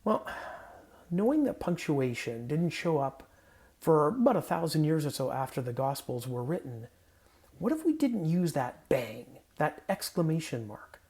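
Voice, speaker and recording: Mellow-voiced man giving a playful sermon. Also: fairly high pitch. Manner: conversational and playful, with self-corrections. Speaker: pastor. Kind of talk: casual sermon with scripture reading. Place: home guest room.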